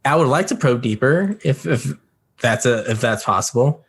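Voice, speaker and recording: A man playing a tabletop game, speaking haltingly with frequent restarts. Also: medium pitch, lively intonation, slightly rough. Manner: hesitant, halting with many restarts. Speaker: player.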